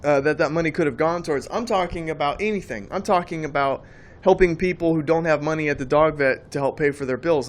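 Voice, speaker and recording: A man giving a preaching monologue on faith, emphatic and rambling, often repeating his words as he goes. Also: on the high side. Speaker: Christian speaker.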